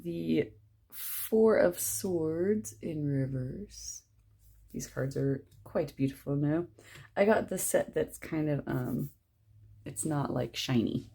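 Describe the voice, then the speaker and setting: Low-voiced woman, husky and gravelly, chatty tarot reader, relaxed and rambling. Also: slow. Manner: chatty, rambling, drops to a whisper at times. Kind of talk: casual tarot reading to camera.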